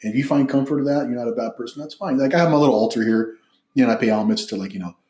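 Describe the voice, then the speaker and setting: A male podcast host asking questions in a chatty, animated way during a casual interview. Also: mid-range voice, racing, echoey room. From Mexican-American family.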